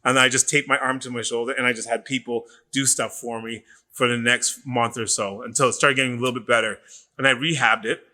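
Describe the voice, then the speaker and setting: Animated, swearing male personal trainer. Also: medium pitch, a little fast. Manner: animated storyteller who acts out quoted voices and swears freely. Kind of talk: casual podcast chat.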